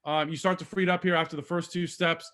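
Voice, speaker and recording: A man's voice: a little high, level tone, fast talker, a bit bright. A man giving a live seminar talk on presenting, speaking conversationally and asking the audience questions, with many fillers. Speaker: speaker coaching doctors on presentations.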